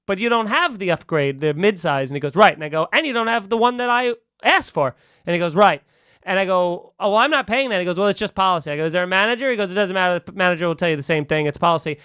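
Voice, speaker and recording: A man's voice: high voice, smooth, no room sound, clean studio sound. A man on a podcast telling a long, heated anecdote in casual chat, acting out both sides and swearing freely. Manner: animated, acts out both sides of a quarrel, swears. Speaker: podcast host.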